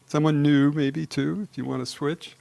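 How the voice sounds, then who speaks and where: A man leading a live congregation through a guided exercise, relaxed and chuckling, slowing down to speak each phrase deliberately. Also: a little high, vocal fry, dry recording. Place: gathering hall with a live audience.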